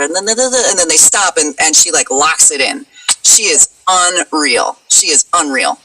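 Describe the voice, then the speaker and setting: A woman guest in a casual chat, talkative and quick to laugh. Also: low voice, sharp tone, distant mic, low-quality recording. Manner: chatty, laughs easily. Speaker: guest, voice actress.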